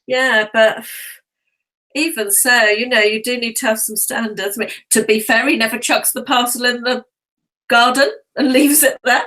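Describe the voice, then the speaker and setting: A woman's voice: fairly high pitch, fairly even intonation, normal speed, sharp tone, rough recording. A woman co-hosting a casual live-stream chat, frank and gossipy with blunt opinions.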